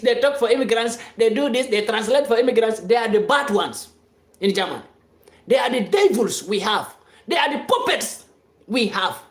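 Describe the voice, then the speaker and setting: A mid-pitched speaker delivers a heated, unscripted monologue straight to an online audience. The talk is insistent and circles back on the same phrases, sometimes swelling into a shout. The voice rings in an echoey room. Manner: fiery and insistent, repeating phrases, rising to shouts. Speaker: live-stream commentator addressing followers. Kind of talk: impassioned off-the-cuff monologue.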